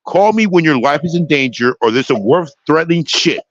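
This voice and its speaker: A man's voice: on the high side, animated, fairly quick, no room sound, close to an everyday voice. A man quoting Superman as a stern grown hero and father, in a loosely retold, lightly voiced way, over a slightly dull lo-fi mic.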